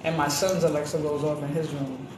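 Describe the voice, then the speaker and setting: Animated, foul-mouthed woman chatting. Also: deep voice, fairly quick. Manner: animated storyteller, profane, acts out other voices. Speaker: podcast co-host. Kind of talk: casual chat. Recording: roomy with background noise.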